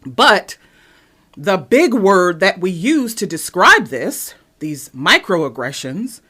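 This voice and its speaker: Animated woman from East Cleveland. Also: slow, breathy edge. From East Cleveland, Ohio, USA. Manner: animated storytelling, sharp pitch jumps when emphatic. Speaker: podcast host. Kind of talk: personal commentary monologue.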